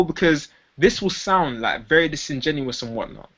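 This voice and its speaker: Man coaching sales technique, slightly higher voice. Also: sing-song, moderate pace, few pauses, a bit bright, breathy edge, muffled recording. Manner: demonstrates sales lines by acting them out in different tones. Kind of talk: instructional talk to camera.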